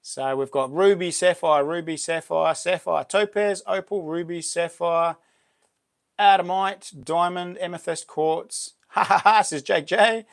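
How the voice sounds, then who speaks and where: A man's voice: sits high, steady tone, measured pace, vocal fry. A middle-aged man with a New Zealand accent hosting a casual live stream, greeting viewers by name in a chatty way. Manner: chatty, reads out viewer names and greets them warmly. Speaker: livestream host.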